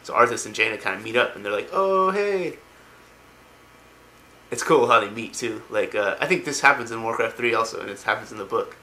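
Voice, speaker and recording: A man's voice: lowish voice, steady tone, fast talker, hardly any pauses, bright, forceful tone. A man casually retelling video game lore, rambling with lots of ums and likes. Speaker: lore explainer.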